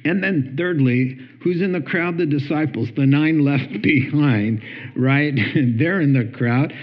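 Animated male preacher, dull lo-fi recording. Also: on the high side, takes it slowly. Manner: animated storytelling, acting out quotes, chuckles. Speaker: pastor. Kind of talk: sermon.

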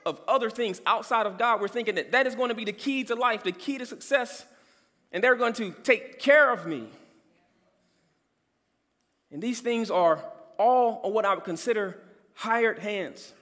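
High-voiced preacher man in a reverberant hall. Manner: emphatic preacher, swings from loud to soft. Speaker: pastor. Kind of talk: sermon.

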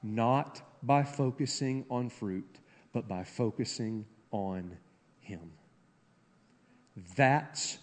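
A man with a Southern accent preaching a sermon as pastor, shifting from loud, high-pitched preaching to low, soft intensity. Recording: long hall reverb.

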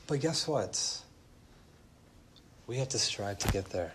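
A man in his thirties preaching a sermon as pastor, animated, speeding up and slowing down and rising to loud emphatic peaks. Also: fairly low pitch, slightly rough. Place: church.

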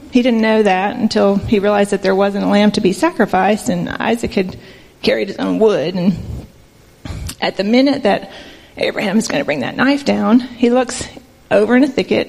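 A woman tells an earnest church testimony in a soft, conversational way. Her voice carries a gravelly fry, and it rings out with the long reverb of a large hall. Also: mid-range voice, steady tone, moderate pace. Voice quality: soft-spoken. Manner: earnest, conversational, emotional storytelling with fillers. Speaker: church member sharing a mission trip testimony. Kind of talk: personal testimony to a congregation.

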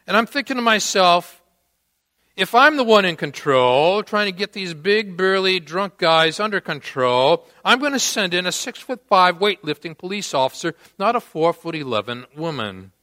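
High lively preacher guy, slow storytelling sermon, big echoey church. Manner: animated, dramatic storytelling with acted quotes. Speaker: pastor. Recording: long church-hall reverb.

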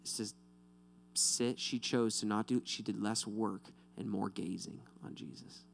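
Gravelly-voiced pastor preaching casually. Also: male voice, fairly low pitch, fairly even intonation, a little slow, slight background noise. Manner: talks directly to listeners, often asking "right?". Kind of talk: casual conversational sermon.

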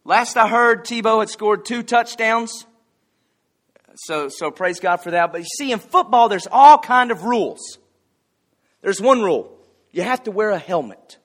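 A man's voice: high voice, lively intonation, moderate pace, fairly bright tone. A man preaching a casual, folksy sermon, telling anecdotes and joking with the congregation. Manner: folksy, conversational, jokes with the congregation.

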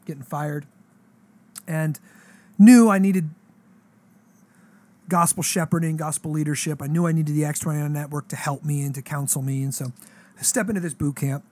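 Brief: man, 30s, pastor, high voice, lively slangy storytelling. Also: moderate pace, pauses often. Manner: animated, slangy, acts out quoted dialogue. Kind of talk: casual storytelling on a podcast.

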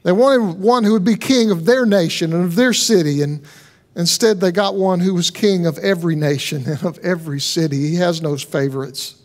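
Male pastor, high-pitched, earnest conversational sermon delivery with rhetorical questions. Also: moderate pace, a little mellow.

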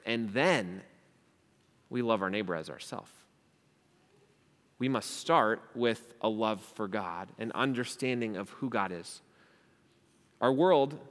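A man's voice: medium pitch, long reverb tail. A young man preaching a sermon as pastor, emphatic and asking rhetorical questions. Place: church hall.

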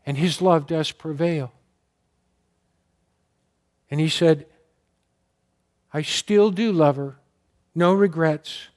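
A man's voice: a little high, fairly even intonation, slow, long pauses, a little mellow. A man preaching a sermon, telling a story earnestly and with feeling. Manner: earnest, emotional storytelling, gets choked up. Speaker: pastor.

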